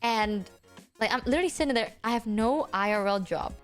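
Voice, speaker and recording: Young woman streamer, high and lively, casual and sweary, faint music behind. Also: fairly quick. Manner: animated, acts out quotes with big pitch jumps. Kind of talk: casual storytelling on a live stream.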